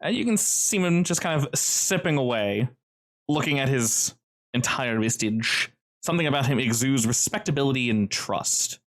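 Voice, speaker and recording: A man's voice: medium pitch, normal speed. A man narrating a tabletop role-playing game as game master, loose and descriptive. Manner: descriptive, relaxed, loose phrasing.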